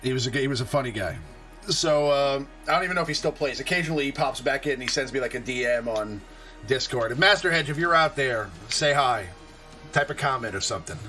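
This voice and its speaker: A man's voice: mid-range voice, quick pace, pushed and bright, faint music behind. Laid-back male live-stream host. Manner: laid-back, many fillers and self-amused laughs. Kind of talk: casual live-stream chat.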